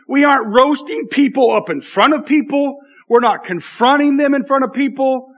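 A man's voice: extremely high pitch, lively intonation, moderate pace, dull audio. A man in his thirties, a pastor giving a conversational, self-deprecating sermon with frequent asides to the congregation.

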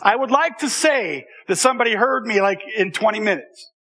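Storyteller, male, high bright voice, chatty and animated with audience asides. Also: fairly quick, slightly rough. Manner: animated, conversational, with repeated restarts and audience asides. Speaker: speaker telling a personal story to an audience. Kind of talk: storytelling talk.

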